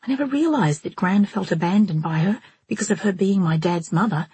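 A woman reading the part of an earnest, upset teenage girl who confides in a rushed, emotional way, with a husky voice. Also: mid-range voice, warm tone.

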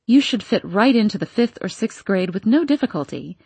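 A woman's voice: mid-range voice, big pitch swings, brisk, vocal fry, darkish tone, husky, no room sound, heavily acted. A woman voicing a kindly female school principal who speaks in a sympathetic, reassuring way.

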